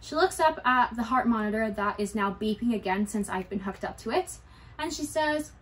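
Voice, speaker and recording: A woman's voice: fairly high pitch, lively intonation, normal speed. A young adult woman candidly telling a personal story to her vlog viewers, conversational and lightly humorous. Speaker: YouTuber.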